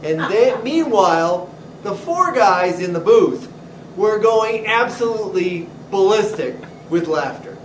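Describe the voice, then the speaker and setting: A man who owns a deli, telling funny stories about his customers in an animated way. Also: sits high, a little slow, far from the mic. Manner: animated storyteller acting out customers. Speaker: deli owner. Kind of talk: storytelling. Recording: roomy echo with clear noise.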